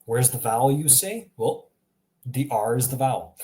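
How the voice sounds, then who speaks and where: A man giving a casual live language lesson, chatty and relaxed, reacting to viewers' examples and laughing now and then. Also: medium pitch, moderate pace. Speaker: language teacher.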